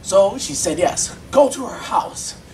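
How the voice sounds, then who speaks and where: A man's voice: high voice, expressive, slow pace, far from the mic, slight background noise. A man doing open-mic stand-up, telling a crude, rambling story and laughing at his own jokes. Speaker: stand-up comedian. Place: convention stage in front of an audience.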